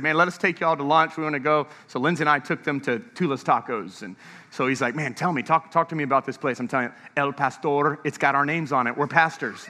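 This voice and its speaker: Pastor, man, high bright voice, energetic storyteller preaching in a reverberant sanctuary. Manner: energetic storytelling, laughing often. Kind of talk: sermon. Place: church sanctuary. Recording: long echo of a large church hall.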